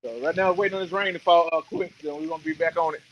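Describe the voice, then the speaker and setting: A man's voice: a little high, fairly even intonation, fast talker, dull audio, slight background noise. A man calling in from the lake, giving loose, upbeat updates from outdoors under a bridge. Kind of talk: casual phone livestream update.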